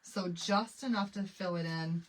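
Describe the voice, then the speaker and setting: A woman's voice: fairly low pitch, unhurried. Chatty woman with a Michigan accent. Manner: chatty, thinks aloud, laughs often. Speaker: craft vlogger. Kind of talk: casual chat while crafting. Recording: distant mic with faint background noise.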